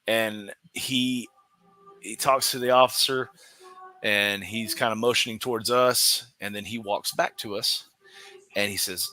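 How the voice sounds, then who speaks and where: A man, a professional wrestler guest on a podcast, telling a story in an animated way, laughing often and restarting his sentences. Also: on the low side, unhurried, no echo. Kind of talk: casual storytelling interview.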